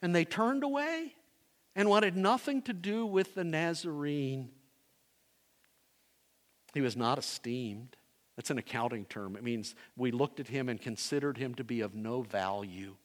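A man preaching a sermon as pastor, swinging between loud emphasis and hushed, low phrases. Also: a little slow. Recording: long hall reverb.

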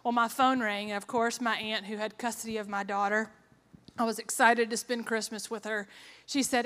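Bright-voiced woman giving a testimony. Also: a little high, steady tone, moderate pace. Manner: earnest, emotional, with sarcastic asides. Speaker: testimony speaker. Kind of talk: personal testimony talk. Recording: long hall reverb.

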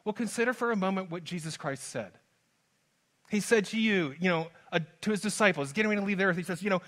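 A man preaching a sermon as pastor, moving from hushed lines to loud, urgent ones. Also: high-pitched, lively intonation, fast. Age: adult father. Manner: dynamic preaching, swings from soft to loud.

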